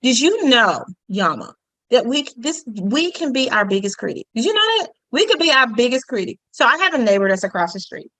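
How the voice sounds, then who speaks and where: Woman instructor, fairly high voice, dry close sound, chatty and joking. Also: very animated, brisk, a bit bright, dry recording, low-quality recording. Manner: chatty, humorous, conversational teaching with asides. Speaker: workshop instructor. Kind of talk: online communication workshop.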